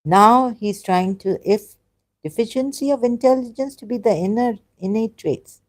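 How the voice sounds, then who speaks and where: At a moderate pace, a woman with a slightly high voice reads a video aloud and argues back. She's a religion critic giving casual reactive commentary. Exasperated and argumentative, she stumbles over her words.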